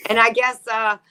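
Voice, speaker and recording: A woman's voice: a little high, bright, forceful tone. A woman with a Southern US accent hosting a casual live-stream chat, chatty and self-mocking. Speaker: host of the chat.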